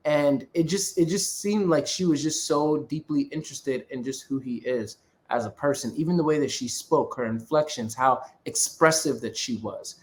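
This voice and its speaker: A man co-hosting a podcast, casually analyzing a film and rambling with lots of filler words. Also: a little high. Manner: rambling, frequent filler words, laughs easily. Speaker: podcast co-host.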